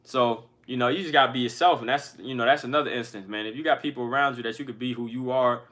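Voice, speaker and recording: Guy vlogging straight to camera, bright forceful voice, slangy and cussing, calls everyone bro. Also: mid-range voice, fast. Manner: candid, slangy and profane, addresses viewers as bro. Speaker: music artist and channel host. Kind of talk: casual motivational talk to camera.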